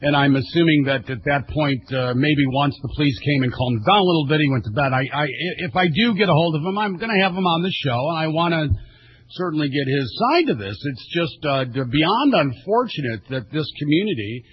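A man's voice: a little high, expressive, fairly quick, husky, no echo. A man hosting a radio talk show, speaking animatedly and often stumbling over and repeating words. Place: radio studio. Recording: dry, slightly dull radio audio.

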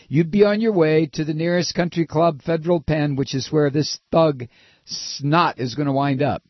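A man's voice: fairly high pitch, a little slow, no echo. A man hosting a political talk show, ranting in a sarcastic, scornful, mocking way, on a dull, lo-fi recording. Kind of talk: political commentary rant.

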